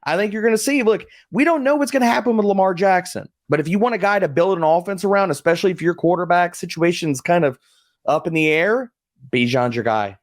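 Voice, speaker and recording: A man's voice: high-pitched, fast talker, no echo, studio quality. A man working as a fantasy football analyst who argues his pick in a playful, provocative way during a panel draft discussion.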